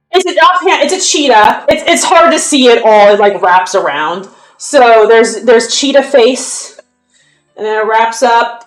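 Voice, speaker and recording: A young woman chatting casually on a live stream, answering viewers' questions in a loose, talkative way. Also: fairly high pitch. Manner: chatty, answers chat, counts reps under her breath.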